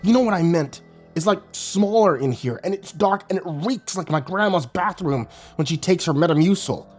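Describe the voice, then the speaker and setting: A man's voice: lively intonation, normal speed, faint music behind. Guy doing a freaked-out young dude, swearing nonstop, voice jumps way up. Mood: panicky, cursing. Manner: frantic swearing, high and strained. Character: young man, panicky and foul-mouthed.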